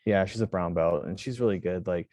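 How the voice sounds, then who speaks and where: Young man, very low voice, rambling, lots of fillers, dry close mic. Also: brisk, a little mellow, no echo. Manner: rambling, many "like" fillers and restarts. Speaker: jiujitsu instructor and gym owner. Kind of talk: casual interview answers.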